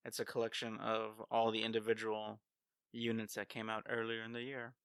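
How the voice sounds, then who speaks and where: A man chatting as a podcast co-host, teasing and playful. His voice has a gravelly edge and a bright, forceful tone. The sound is dry and close. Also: lowish voice, completely flat delivery, a little fast, no room sound. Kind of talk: casual chat. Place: home studio on video.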